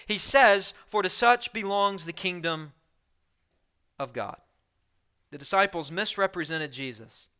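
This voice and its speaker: A male pastor preaching a sermon, emphatic, with loud outbursts that drop to soft, low phrases and key lines repeated for weight.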